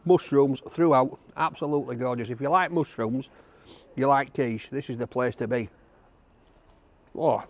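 A man's voice: mid-range voice, normal speed, pauses often, no echo. A man reviewing a takeaway outdoors, chatting and gushing over every bite. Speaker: food reviewer. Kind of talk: casual food review to camera.

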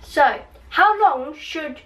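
Young woman vlogging a quiz, high voice, giggly and chatty, sounds a bit far from the mic. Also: expressive, pushed and bright. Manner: giggly, chatty, quick bursts. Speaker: channel host. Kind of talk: casual quiz chat.

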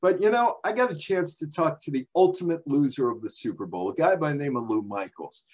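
A slightly high voice with lively intonation carries this library talk, delivered briskly and with a little mellowness. The speaker, probably a man in his sixties from around New York, narrates over slides in a chatty way, full of asides and rhetorical questions.

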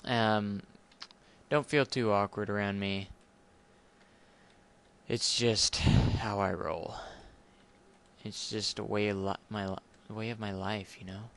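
Slow, awkward young gamer guy. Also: fairly low pitch, fairly even intonation, a bit bright, clear, resonant tone. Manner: rambling, self-consciously awkward, apologetic. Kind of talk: casual let's play commentary.

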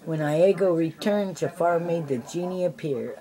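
An older woman reading a children's storybook aloud, adding gentle asides for the listening kids. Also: sits low, a little slow, hardly any pauses, low-quality recording. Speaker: storybook reader.

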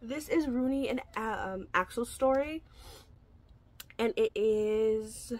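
A young woman chatting casually in a book vlog, gushing and excitable, full of fillers and quick asides. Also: on the high side. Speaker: book vlogger.

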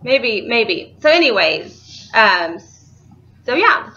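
A young woman who vlogs about books rambles casually about ones she bought, laughing easily. Her voice is on the high side, sing-song and slow, with a bright, forceful tone, though the audio is dull.

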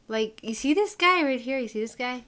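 A woman's voice: sits high, pushed and bright. A woman vlogger giving casual reaction commentary, indignant and rambling, with many fillers and restarts.

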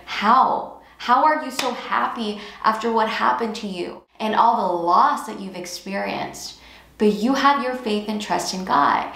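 A woman's voice: medium pitch, fairly bright tone, echoey room. A woman giving an earnest devotional talk, stressing and repeating key phrases as she encourages listeners. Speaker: Christian teacher. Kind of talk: devotional teaching with scripture reading.

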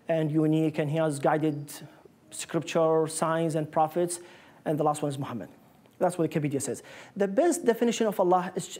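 A man's voice: high-pitched, a little mellow. A man giving a public lecture with slides, explaining in earnest with non-native phrasing. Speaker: guest lecturer. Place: lecture room.

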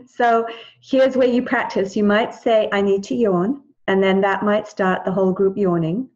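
A woman's voice: mid-range voice, fairly even intonation, moderate pace, a little mellow, highs cut off. A woman teaching a live group wellness class in a chatty, encouraging way, often restarting her sentences. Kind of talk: live group class over video call.

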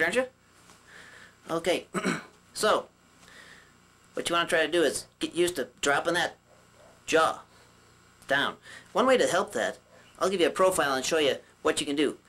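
A man voicing a chatty male puppet who teaches puppetry with jokes and rambling asides, often clearing his throat. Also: on the high side, bright, forceful tone. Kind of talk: puppet demonstration lesson.

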